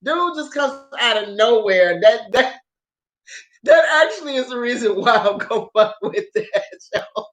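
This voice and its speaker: There's a roomy echo as this drama reviewer, her pitch fairly high and her pace unhurried, shares thoughts on dramas with viewers in loose, unscripted chat. She curses freely, gets excited, and laughs frequently.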